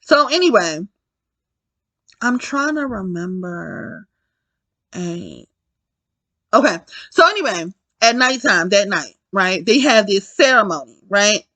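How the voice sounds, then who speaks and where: A woman talks through a film's plot in a loose, rambling recap, swearing and turning to her viewers with "right?" and "y'all". Her voice is bright and forceful. The sound is dry and close, with no room echo. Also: medium pitch, animated, slow pace, pauses often. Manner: rambling, profane, keeps asking "right?" and addressing "y'all". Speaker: film reviewer. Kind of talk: casual film recap.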